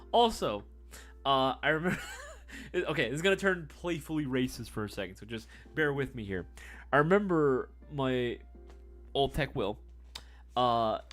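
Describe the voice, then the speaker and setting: A young man hosting a live stream, telling a long story casually with lots of swearing and sudden swings from loud to low. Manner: animated, profane, swings between loud and low.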